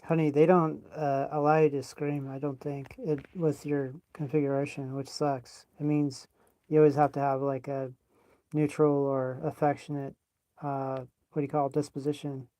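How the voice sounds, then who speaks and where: Halting, flat-voiced man. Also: fairly high pitch, no echo. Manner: halting, filler-heavy, calls her honey. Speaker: app user hosting a livestream. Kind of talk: casual chat to a phone app.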